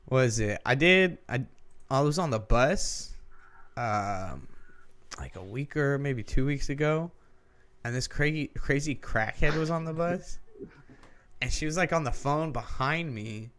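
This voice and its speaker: A man's voice: medium pitch, expressive, unhurried, fairly bright tone. A man co-hosting a podcast who tells a long story in a casual, rambling way, swearing often and restarting his sentences. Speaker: podcast co-host.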